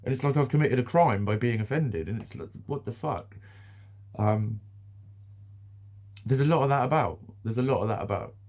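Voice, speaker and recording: A man's voice: medium pitch, normal speed, long pauses, a little mellow. A British man ranting bluntly in a casual vlog monologue, swearing freely, repeating himself and laughing now and then. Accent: British English. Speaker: vlogger.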